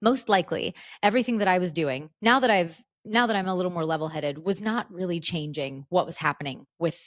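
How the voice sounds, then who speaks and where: A woman in her thirties hosting a podcast, telling a personal story in a casual, animated way with lots of restarts. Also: lowish voice, brisk, no echo, clean studio sound. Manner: animated, breathless retelling with many restarts. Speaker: podcast host.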